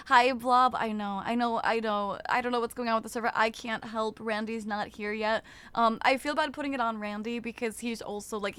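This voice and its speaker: A woman's voice: a little high, fairly bright tone. A young adult woman chatting casually with her live-stream viewers, greeting them by name and swearing offhandedly.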